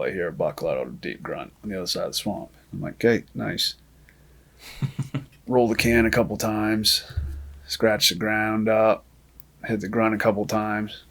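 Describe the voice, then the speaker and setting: Podcast guest, man, lowish voice, animated yarn-spinner who acts out dialogue. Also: moderate pace, pauses often. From Maine. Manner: lively storyteller who acts out quoted dialogue. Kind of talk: casual storytelling.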